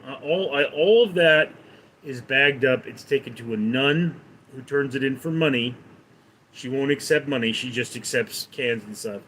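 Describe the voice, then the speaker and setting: A man's voice: mid-range voice, fairly bright tone, a little hiss or hum, rough recording. Chatty man on a live stream. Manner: rambling, chatty, reading out and answering viewer comments. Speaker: livestreamer. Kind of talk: casual live-stream chat. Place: home in Los Angeles.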